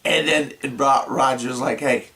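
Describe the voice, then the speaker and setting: A man's voice: on the low side, steady tone, moderate pace, fairly bright tone. A man co-hosting a movie review show, speaking in casual chat and chiming in matter-of-factly with corrections. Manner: matter-of-fact, chimes in with corrections.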